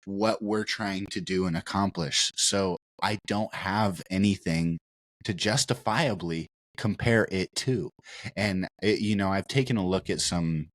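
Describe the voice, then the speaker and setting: A podcast co-host with a very deep, low voice. He talks candidly about himself, rambling and often stumbling over his restarts. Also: unhurried. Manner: rambling, many restarts, candid and self-reflective. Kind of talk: casual conversation.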